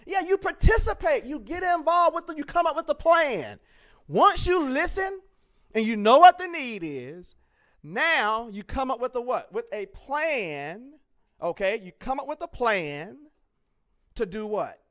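A man's voice: very high voice, sing-song, measured pace, fairly bright tone. A man teaching a leadership lesson to teens at a camp, asking the group questions, spelling words out and repeating key points with emphasis. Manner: call-and-response questioning, emphatic and repetitive; encouraging, jokes with students. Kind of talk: interactive classroom teaching.

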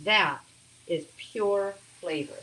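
A woman's voice: on the low side, slow, sharp tone, roomy sound, rough recording. Chatty woman teaching a cooking class. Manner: chatty, talks while cooking, asides. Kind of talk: live online cooking demo. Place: home kitchen.

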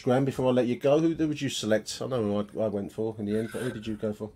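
Male podcast host, rapid casual chatter, stumbles and restarts. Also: on the low side, fairly even intonation, dark tone, a little hiss or hum. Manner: chatty, many repeated words and restarts. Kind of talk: casual football chat.

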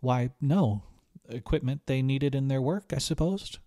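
A man's voice: mid-range voice, unhurried, mellow, no room sound, clean studio sound, voice pushed up, close to an everyday voice. A man voicing an earnest young girl stowaway, speaking in a raised, pleading voice. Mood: innocent.

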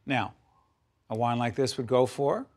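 A man's voice: medium pitch, unhurried, a little mellow. A middle-aged man hosting a TV interview, enthusiastic and playful, often jumping in. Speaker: TV interview host.

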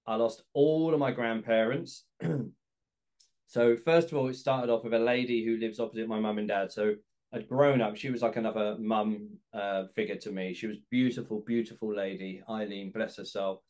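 A man's voice: lowish voice, fairly even intonation, moderate pace, a little mellow. A man, hosting a podcast and candidly telling a personal story, acting out phone calls with his dad. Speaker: podcast host.

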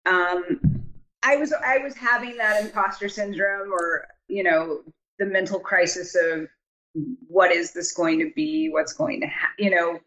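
A woman, a writer and director, chatting as a podcast guest and telling a story with lively quoted voices. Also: on the low side, measured pace, highs cut off. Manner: chatty, acts out quoted voices, frequent fillers. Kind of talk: casual interview storytelling.

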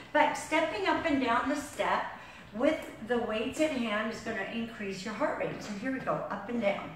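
A woman's voice: fairly high pitch, fairly bright tone, a little hiss or hum. A woman fitness instructor demonstrating a workout, counting reps aloud while exercising and getting out of breath. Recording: echoey room, far from mic.

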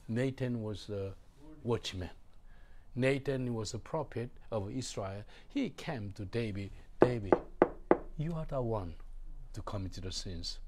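A man's voice: on the low side, unhurried, heavy background noise. Emphatic preacher man, broken English. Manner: emphatic, repeats phrases, asks the congregation to respond; non-native English with broken grammar. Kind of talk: sermon.

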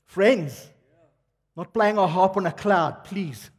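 An older preacher, animated and conversational, who keeps putting questions to his listeners. His voice sits high and slightly raspy. It carries through a church hall with a long, echoing reverb. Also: slow. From South Africa. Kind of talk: sermon.

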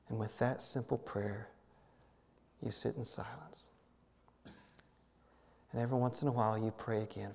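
A middle-pitched man with a gravelly edge leads a quiet guided meditation. He speaks gently and haltingly, repeating words and easing into a hush. His voice rings with the long reverb of a church hall. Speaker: minister. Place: church sanctuary.

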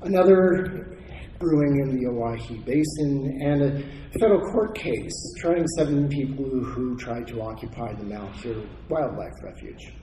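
A man's voice: mid-range voice, lively intonation, moderate pace, dark tone. Man giving a scholarly talk in an echoey hall. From Oregon, United States. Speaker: conference speaker, historian. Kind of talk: academic conference talk. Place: conference hall. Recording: echoey hall, faint noise.

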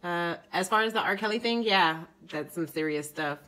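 A young woman from the United States vents to her camera in an animated, indignant vlog rant. Her voice sits slightly low, and her delivery turns sarcastic as she presses her points. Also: normal speed, poor audio. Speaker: vlogger.

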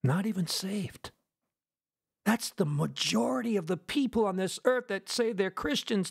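Slow gravelly man preaching a fervent sermon. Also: high voice. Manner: fervent preaching, swings between loud and hushed; asks the audience rhetorical questions.

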